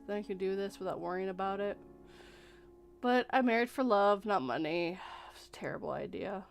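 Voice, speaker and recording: A woman's voice: medium pitch, moderate pace, vocal fry, soft background music. A woman hosting a casual chat stream, rambling and cutting herself off mid-sentence. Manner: rambling, self-interrupting. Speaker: podcast host.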